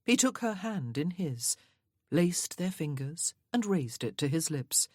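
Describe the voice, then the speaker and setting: A woman narrates an audiobook in a measured, even way. Her voice sits fairly low with a breathy husk, and the recording is dry and close. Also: no room sound.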